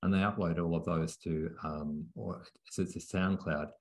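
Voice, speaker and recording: A man who teaches journalism speaks with a lisp, answering interview questions in a relaxed way with many restarts. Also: low-pitched, moderate pace. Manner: relaxed, with frequent restarts and fillers. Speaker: journalism lecturer.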